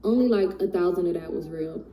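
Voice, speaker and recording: A woman's voice: on the low side, brisk, dull audio, crowd noise. A woman retelling a story in a casual storytime, blunt and profane. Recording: roomy and distant.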